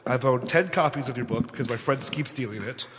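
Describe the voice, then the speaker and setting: Eager fan at a theater audience mic. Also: male voice, medium pitch, a little fast, fairly bright tone. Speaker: audience member asking a question. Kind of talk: audience Q&A at a live show. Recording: reverberant theater.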